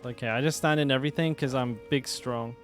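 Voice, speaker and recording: A man's voice: medium pitch, steady tone, fairly quick, faint music behind. Chatty man streaming a game. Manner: chatty, swears, thanks chat viewers. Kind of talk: casual gameplay commentary.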